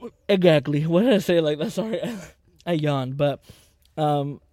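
Animated young man hosting a chatty podcast. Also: on the high side, normal speed, no echo, studio quality. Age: 20s. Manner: animated, dramatic, swearing freely. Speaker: podcast host. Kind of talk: casual chat.

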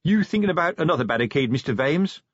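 Man voicing a nervous veteran sergeant, hopeful, wheedling, raised and husky, dull dry audio. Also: fairly high pitch, expressive, quick pace, dry recording, pitched above the performer's own voice. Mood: nervously cheerful. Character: anxious cheerful veteran male police sergeant.

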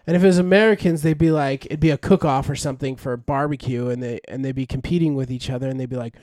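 A man's voice: medium pitch, steady tone, fast talker, hardly any pauses, warm tone, no room sound, clean studio sound. A young man co-hosting a podcast, chatting casually and enthusiastically, rambling with fillers and restarts. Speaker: podcast co-host. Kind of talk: casual chat.

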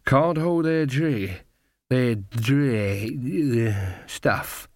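A man's voice: mid-range voice, lively intonation, extremely slow, darkish tone, dry recording. A drunk old coachman, as a male narrator puts him on, stumbling over his words with a thick, slurred delivery. The storybook voice sounds close and dry, with no room around it. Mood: tipsy.

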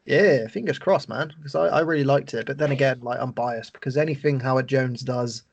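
A man's voice: medium pitch, fairly quick, gravelly, dull audio. A man co-hosting a podcast in casual chat, sweary and rambling, often breaking into laughter. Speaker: podcast co-host.

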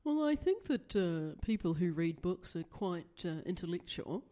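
A woman voicing a posh, snobbish intellectual with an affected, drawn-out way of talking. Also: fairly low pitch, dark tone, close to an everyday voice. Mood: smug.

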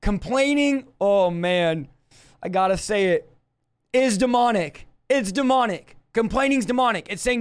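A man's voice: high-pitched, lively intonation, unhurried, clear, resonant tone. A man preaching in a livestream Bible study, fiery and emphatic, speaking straight to the viewer.

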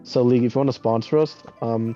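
A man's voice: mid-range voice, fairly even intonation, quick pace, warm tone, soft background music. A young man co-hosting a podcast over a voice call, chatting casually, slangy and swearing freely, his voice a little dull and lo-fi. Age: young adult. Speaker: podcast co-host. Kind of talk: casual chat. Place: home, on a voice call. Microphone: computer mic over a voice call.

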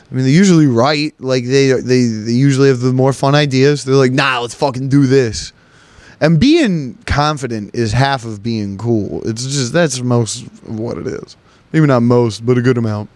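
A man's voice: mid-range voice, normal speed, a little mellow, no echo. A man hosting a solo podcast, talking in a profane, rambling and joking way. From United States. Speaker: podcast host. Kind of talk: casual solo podcast monologue.

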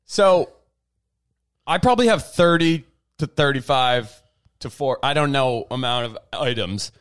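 A man's voice: medium pitch, unhurried, clean tone. A man co-hosting a casual home podcast, telling rambling stories and mimicking the people he quotes. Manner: rambling storyteller, animated when quoting people. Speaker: podcast co-host. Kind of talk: casual chat. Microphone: desk mic in a home setup.

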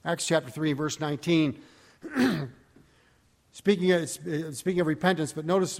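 Casting: man preaching, fairly high voice, long hall reverb, reads verses with lift. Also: expressive, a little slow. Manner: reads scripture aloud with rising emphasis, digresses and corrects himself. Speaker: pastor. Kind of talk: sermon.

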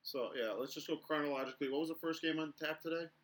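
A man's voice: on the high side, steady tone, fast, fairly bright tone, low-quality recording. A young man from Minnesota, co-hosting a podcast and trading crude, joking banter. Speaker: podcast co-host. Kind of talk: casual chat.

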